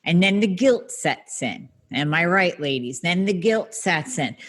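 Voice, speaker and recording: A woman's voice: fairly low pitch, lively intonation, unhurried. A woman hosting a solo health podcast, talking straight to her listeners in a blunt, emphatic way with some mild swearing. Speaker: podcast host and functional medicine practitioner.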